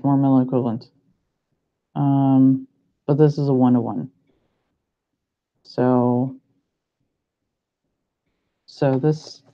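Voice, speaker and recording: A young man, a pharmacy student, thinking aloud as he works through practice problems and doubts himself. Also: medium pitch. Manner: muttering to himself, unhurried, self-doubting. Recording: muffled lo-fi recording.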